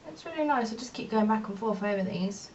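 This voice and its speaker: A woman's voice: a little high, lively intonation, a little fast, noisy background. Chatty woman, distant dull mic. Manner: rambling, chatty and self-mocking. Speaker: beauty vlogger. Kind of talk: casual chat while doing makeup.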